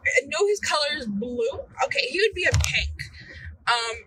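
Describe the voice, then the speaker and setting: A woman's voice: high voice, very animated, moderate pace, noisy background. A tired young woman hosting a podcast alone while driving. She chats casually, rambles, loses her words and swears freely. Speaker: podcast host. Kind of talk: casual solo chat.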